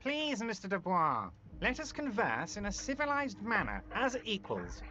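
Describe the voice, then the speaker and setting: A performer voicing a smooth-talking, ingratiating male union boss in a video game. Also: mid-range voice, huge pitch swings, moderate pace, pushed and bright, muffled recording. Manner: ingratiating, overly polite.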